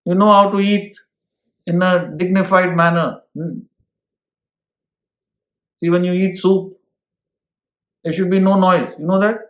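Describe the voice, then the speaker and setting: Speaking slowly and with a flat delivery, this spiritual teacher works through an ancient scripture, explaining it with everyday examples. He keeps checking in with a "hmm?", his somewhat high male voice echoing noticeably around the room.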